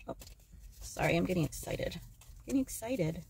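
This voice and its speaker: A woman giving a casual tarot card reading to camera, excitable and joking, swearing freely as she talks to her viewers. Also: fairly low pitch, fairly quick, creaky, heavy background noise. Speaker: tarot reader.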